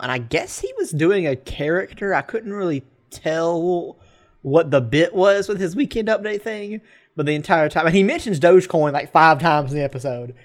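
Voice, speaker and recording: A man co-hosting a casual podcast chat, sarcastic and joking, often laughing as he talks. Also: on the high side. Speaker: podcast co-host.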